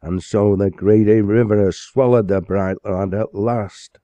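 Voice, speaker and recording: A man voicing a gruff parson with a harsh voice in a storybook reading. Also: fairly low pitch, measured pace, warm tone, no echo, pitched above the performer's own voice. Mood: grieving.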